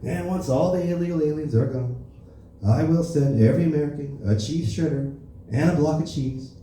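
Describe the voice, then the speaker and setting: Performing at a comedy club open mic, a man plays a brash, boastful, crude older politician, sounding rambling and self-important. His voice is a little high, mellow, and close to how he normally talks, at an ordinary speed. The stage mic is distant, giving an echoey room sound with a little hiss or hum.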